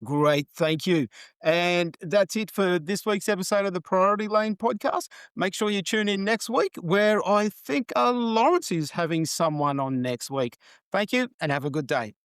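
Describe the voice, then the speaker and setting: Male podcast host, slightly high voice, dry close mic, chatty storyteller who laughs easily. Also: normal speed, fairly bright tone, clean tone, no room sound. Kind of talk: casual chat.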